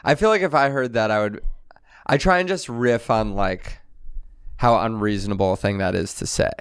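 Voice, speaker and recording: A man who is a guest comedian on a podcast, chatting casually and reacting with easy, relaxed remarks. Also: fairly low pitch, moderate pace, smooth, dry recording, studio quality. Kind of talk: casual chat.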